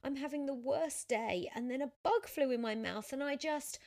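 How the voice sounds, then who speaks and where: A woman's voice: sits high, moderate pace, darkish tone, voice pushed up. A woman voicing a flustered teenage schoolgirl. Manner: pleading, apologetic.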